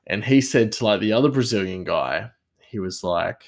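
A man's voice: fairly low pitch, animated, moderate pace. A man with an Australian accent who works in a kitchen, chatting casually in a rambling, sarcastic way with lots of fillers. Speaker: kitchen worker. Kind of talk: casual storytelling chat.

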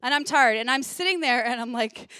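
Smooth, high-voiced woman preaching. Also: animated, bright, forceful tone, no room sound, studio quality. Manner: chatty, laughs often, talks in quick asides. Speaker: pastor. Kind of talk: sermon with a personal story.

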